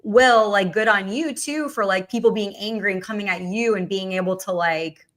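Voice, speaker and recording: A woman's voice: mid-range voice, moderate pace, a bit bright. A woman hosting a casual political chat, talking loosely with many fillers and restarts. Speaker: host.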